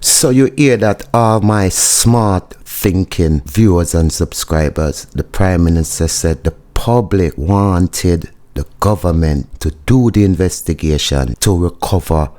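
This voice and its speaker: A man's voice: low-pitched, takes it slowly, few pauses, warm tone. A man with a Jamaican accent giving opinionated news commentary, emphatic and scolding. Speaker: commentary host.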